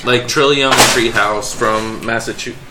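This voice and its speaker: A young man co-hosting a casual podcast chat, animated and quick to laugh, trailing off and restarting as he thinks. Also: medium pitch, very noisy. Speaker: podcast co-host.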